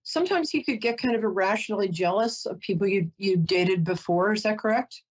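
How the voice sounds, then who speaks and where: A woman's voice: mid-range voice, fairly quick, dull audio. A woman psychic host doing a reading for a caller, chatty, emotional and apologetic, often close to tears.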